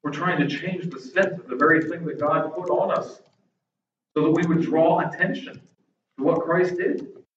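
A man preaching a sermon to his congregation, animated and acting out people's reactions. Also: fairly high pitch, normal speed, a little hiss or hum. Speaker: pastor. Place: church sanctuary. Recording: echoey, distant, dull church recording.

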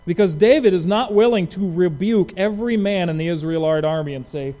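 A man's voice: sits high, fairly quick. A man preaching a verse-by-verse Bible sermon, asking his listeners questions and acting out the people in the story. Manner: lively, asks the audience questions; acts out quoted speech conversationally.

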